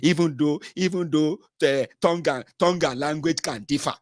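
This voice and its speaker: A man from Nigeria with a Nigerian accent, hosting a political commentary show in an animated, mocking monologue that mixes English, Pidgin and Yoruba. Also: fairly high pitch, normal speed, no room sound, clean studio sound.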